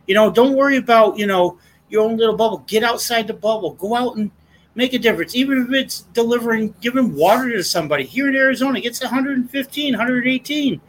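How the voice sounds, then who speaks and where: High-voiced earnest middle-aged man. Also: quick pace, a bit bright, slight background noise, poor audio. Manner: earnest, impassioned, rambling. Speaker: guest sharing a testimony. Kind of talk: casual conversation.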